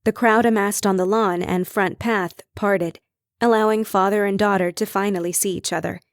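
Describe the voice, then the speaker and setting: A woman's voice: medium pitch, fairly even intonation, moderate pace, no echo, clean studio sound. Woman narrating a mystery audiobook. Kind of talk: scripted narration.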